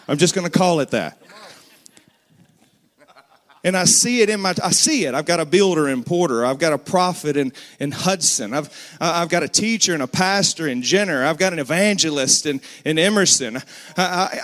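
Man in his thirties, slightly high voice, earnest storytelling preacher with emphatic bursts. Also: fairly bright tone. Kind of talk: sermon.

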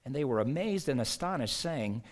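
A man's voice: mid-range voice, animated, moderate pace. A man delivering a sermon as a pastor, conversational, asking rhetorical questions and reading scripture aloud.

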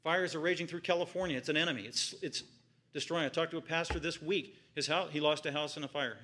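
A male pastor preaching a sermon, emphatic and repeating phrases for stress, swinging between loud peaks and quiet low stretches. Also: steady tone, quick pace.

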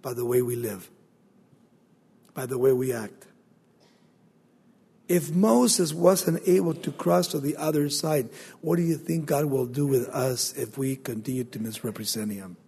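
A man preaching a sermon, building to loud emphasis and acting out the voices of biblical figures. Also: mid-range voice, a little slow, gravelly, long pauses, husky. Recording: long hall reverb.

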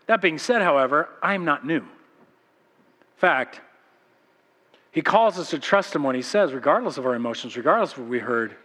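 A pastor preaching to his church, his bright, forceful voice carrying a long echo through the sanctuary. He tells stories with animation and slips into other people's voices as he goes. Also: on the high side, moderate pace, pauses often. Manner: animated storytelling, acts out voices. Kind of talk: sermon.

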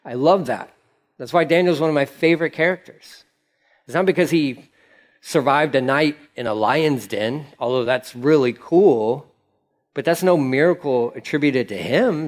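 A man's voice: a little high, moderate pace. A man preaching a sermon as pastor, in a casual, conversational manner with slangy asides.

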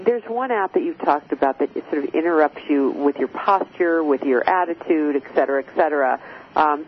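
A male host interviewing a guest, upbeat and encouraging, steering with quick affirmations. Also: medium pitch. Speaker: show host. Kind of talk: radio interview hosting. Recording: phone-like line with faint hiss.

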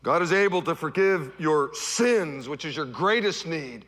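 A middle-aged male pastor preaching a sermon, swinging from loud, high-pitched repeated refrains down to soft, low tones. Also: expressive, unhurried, long reverb tail.

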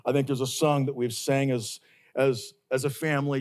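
A man's voice: medium pitch, little pitch movement, moderate pace, darkish tone. A man preaching a sermon to his church in an earnest way, stressing his points by saying them again. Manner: earnest, repeats key phrases for emphasis. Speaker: pastor.

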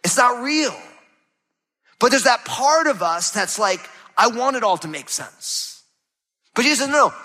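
A man preaching a sermon as pastor, animated, swinging between loud emphasis and hushed low passages. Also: measured pace. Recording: reverberant hall.

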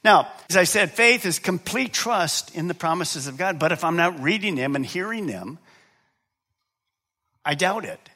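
Animated but unhurried, a middle-aged pastor delivers a sermon that swings from soft, low asides to loud, high preaching. He asks his congregation questions and then supplies the answers himself.

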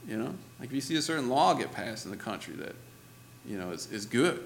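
A man's voice: mid-range voice, lively intonation, fairly quick, creaky, slight background noise. A man preaching a sermon in a church, talking conversationally and laughing often, with lots of "you know" and "right?". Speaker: pastor.

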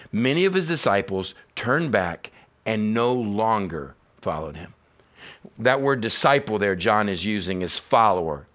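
A pastor preaching a sermon, animated, with loud emphatic peaks and quiet reflective stretches, acting out quoted voices in a casual, conversational way. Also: male voice, lowish voice.

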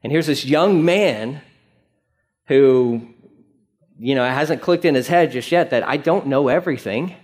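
A male pastor preaching a sermon in an animated, conversational way, with frequent fillers. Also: mid-range voice, measured pace, long pauses.

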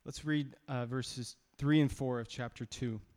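A man's voice: mid-range voice, fairly even intonation, a little slow, a little mellow. A man preaching a sermon as pastor, conversational and emphatic, with frequent restarts. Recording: long reverb of a hall.

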